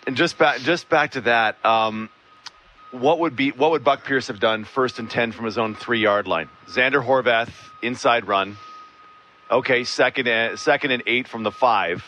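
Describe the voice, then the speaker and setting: A man hosting a sports talk show, quick and opinionated in his analysis. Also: mid-range voice, bright, forceful tone, a little hiss or hum.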